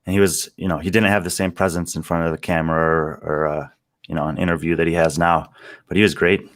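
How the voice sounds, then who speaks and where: Male podcast co-host, very deep voice, measured and thoughtful, dry close sound. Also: little pitch movement, no room sound. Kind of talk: casual podcast chat.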